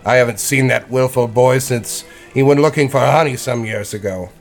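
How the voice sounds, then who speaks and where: A man's voice: medium pitch, normal speed, soft background music, close to an everyday voice. A man voicing a grumpy, impatient male dwarf alchemist in a tabletop game. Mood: irritable. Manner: testy, impatient.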